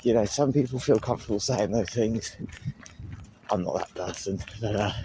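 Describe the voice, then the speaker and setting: Out for a run by the sea, a young vlogger speaks into a handheld phone in a mellow, fairly low voice at a moderate pace. His chat is casual and self-deprecating, heavy on fillers, with a bit of hiss or hum on the recording.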